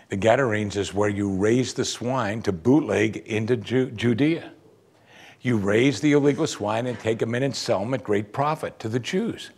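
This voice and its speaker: A man preaching a sermon, teaching through a Bible passage with lively asides and questions to the audience. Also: on the low side, moderate pace, breathy edge.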